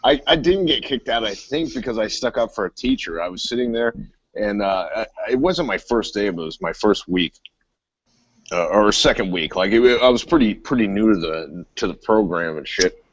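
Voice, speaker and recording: A man's voice: lowish voice, animated, moderate pace, breathy edge, no room sound. A man telling rambling bar stories in casual chat, swearing constantly and laughing as he goes. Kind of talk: casual chat, profane storytelling. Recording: dull lo-fi sound.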